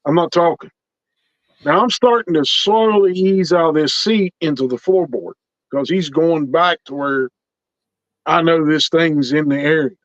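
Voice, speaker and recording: A man's voice: on the high side, a little slow, dry recording, lo-fi sound. A man telling a story in a folksy, earnest way, often repeating words as he builds tension. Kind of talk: casual spoken storytelling.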